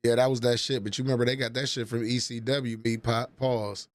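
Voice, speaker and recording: A man's voice: medium pitch, flat delivery, a little fast, no echo. A man in his forties chatting casually on a livestream, profane and rambling as he reminisces. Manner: profane, rambling, nostalgic storytelling. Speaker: livestream host.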